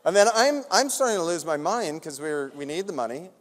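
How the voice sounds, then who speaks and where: A man telling a long, animated anecdote at a public talk, laughing often and acting out other people's lines. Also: fairly high pitch, brisk. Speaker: award recipient speaking on stage. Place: large auditorium. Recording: long hall reverb.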